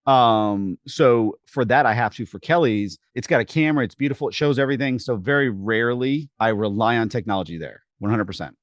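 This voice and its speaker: A man's voice: medium pitch, a little fast, hardly any pauses, dry recording. A man co-hosting a fitness podcast, telling stories in a casual chat and acting out the quotes with animation. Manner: animated storyteller, acts out quotes. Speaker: podcast co-host.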